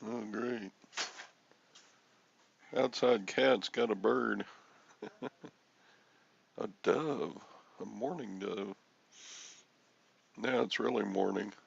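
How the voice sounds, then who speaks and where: Older man, gravelly crackly voice, husky, slow rambling chat, dull lo-fi sound. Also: fairly low pitch, fairly even intonation. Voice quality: crackly, gravelly voice from a morning frog in his throat. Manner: easygoing, rambling, clears his throat often. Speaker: host. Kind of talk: casual chat.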